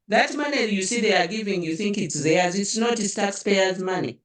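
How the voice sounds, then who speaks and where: A woman's voice: medium pitch, animated, normal speed, few pauses, far from the mic. Ugandan-accented woman, indignant political commentary, roomy echo, a bit off-mic. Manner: indignant, rhetorical, many fillers like eh and hmm.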